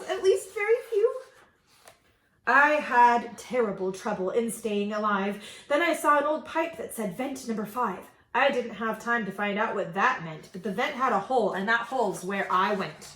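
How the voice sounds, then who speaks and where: Brief: storyteller woman, high voice, lively sing-song read-aloud, echoey room. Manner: expressive sing-song reading. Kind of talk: reading a picture book aloud.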